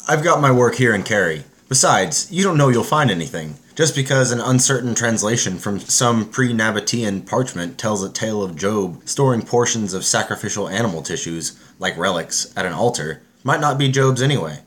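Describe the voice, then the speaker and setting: An actor playing a wary, middle-aged Irish-American scientist and former soldier in an audiobook, speaking in a measured, sober way. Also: male voice, lowish voice, expressive, fairly bright tone. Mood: earnest. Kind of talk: audiobook character voice.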